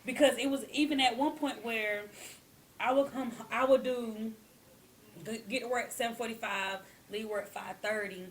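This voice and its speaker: A woman's voice: fairly high pitch, steady tone, normal speed, slight background noise. A young adult woman, a hairstylist, talking candidly in a casual interview and often adding "you know what I'm saying". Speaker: hairstylist and guest.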